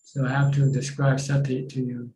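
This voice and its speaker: A man teaching as a Buddhist monk, answering questions over a video call in a plain, halting way. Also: medium pitch, level tone, dark tone, roomy sound, a little hiss or hum, rough recording. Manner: plain, repeats words while searching for phrasing. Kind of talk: dharma talk answering questions.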